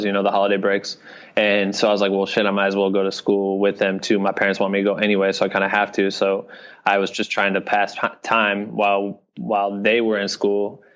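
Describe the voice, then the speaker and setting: A low-voiced man from Iowa talks casually as a podcast guest, his delivery flat and even. He rambles loosely with lots of fillers. The audio sounds dull and lo-fi. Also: clean tone. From Iowa, US Midwest. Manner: loose rambling talk full of fillers, "you know what I mean". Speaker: guest, video director and creator.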